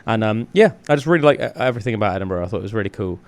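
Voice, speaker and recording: A man's voice: fairly low pitch, lively intonation, very fast, no echo. A man from the South West of England, co-hosting a podcast in casual, rambling, enthusiastic chat full of fillers. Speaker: podcast co-host.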